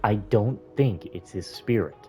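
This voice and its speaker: A man voicing a calm, measured hero character in a video game. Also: lowish voice, soft background music.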